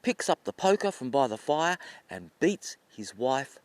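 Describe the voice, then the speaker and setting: A man telling a folk tale in a relaxed, chatty way. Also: medium pitch, unhurried, no echo. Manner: relaxed, chatty, with fillers and restarts. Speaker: storyteller.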